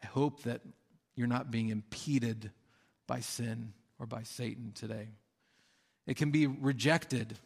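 A man's voice: mid-range voice, steady tone, slow, gravelly, slight background noise. A man preaching a sermon in a casual, conversational way, often acting out the people in his stories. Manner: conversational, with fillers and acted-out quotes. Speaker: pastor. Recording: long hall reverb.

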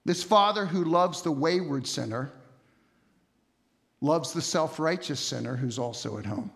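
A man preaching an expository sermon, telling the story with animated energy and rhetorical questions. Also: fairly high pitch, measured pace, creaky. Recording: long hall reverb.

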